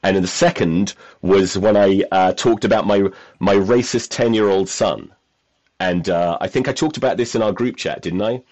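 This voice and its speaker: A man's voice: lowish voice, normal speed, darkish tone. A man hosting a podcast, telling rambling, self-mocking stories in casual chat and swearing freely. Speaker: podcast host.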